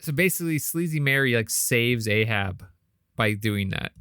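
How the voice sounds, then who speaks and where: A man's voice: medium pitch, animated, moderate pace, bright, forceful tone, clean tone, no room sound, clean studio sound. A man hosting a podcast, chiming in with short remarks and then steering the talk to the next segment. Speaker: podcast host. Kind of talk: casual chat.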